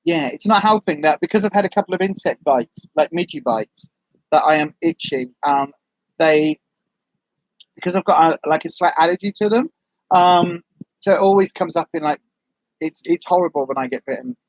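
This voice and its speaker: A woman's voice: low-pitched, moderate pace, dry recording. A woman chatting casually on a livestream, reading out viewer comments in a rambling, friendly way with lots of ums. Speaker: vlogger, livestream host.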